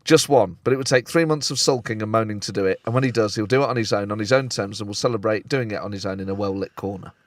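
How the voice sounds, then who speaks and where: A man's voice: lowish voice, fast, few pauses, dry recording. A man with an English accent hosting a football podcast, chatty and playful, reading listener jokes aloud. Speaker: podcast host. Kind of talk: casual podcast chat.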